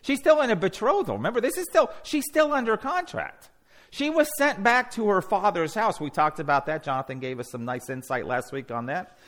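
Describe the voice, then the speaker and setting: A man teaching a Bible study class, animated and conversational, often putting questions to the group and restarting his sentences. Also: high voice, brisk.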